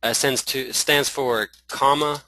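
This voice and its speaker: A man with a Southern accent teaching a live screen-share webinar, talking in halting runs full of restarts and fillers. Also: medium pitch, fairly even intonation, background noise. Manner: halting, many restarts and fillers, addresses viewers as y'all. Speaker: online marketing trainer.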